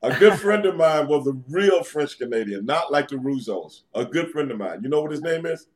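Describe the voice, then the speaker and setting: A man's voice: fairly high pitch, lively intonation, a little fast. A man from New York City, a guest on a casual podcast interview, talking in a laid-back, teasing way and quizzing the hosts. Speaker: guest, former pro wrestler.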